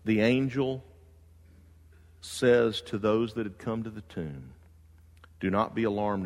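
A man preaching a sermon in a church, telling a story with lively excitement that drops to slow, hushed earnestness. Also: on the low side, long reverb tail. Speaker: pastor.

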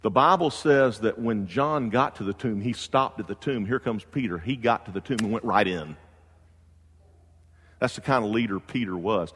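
A lower-pitched man preaches a sermon in a church. He tells a story with animated excitement and then sinks into slow, quiet earnestness. His voice carries a long reverb tail from the hall. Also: husky. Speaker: pastor.

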